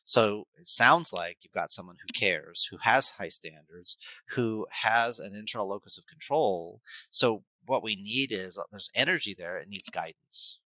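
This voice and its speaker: A middle-aged man, a life coach and hypnotherapist, talking at length as a podcast guest and acting out scenes with sudden loud bursts. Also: fairly low pitch, normal speed, dry recording, rough recording. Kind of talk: podcast interview, explaining at length.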